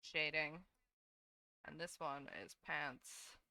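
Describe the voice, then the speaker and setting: A woman's voice: low voice, level tone, takes it slowly, vocal fry, bright, forceful tone, no room sound. A young woman streaming as a VTuber, chatting casually and sleepily with her viewers while she draws, swearing now and then. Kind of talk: casual live-stream chat while drawing.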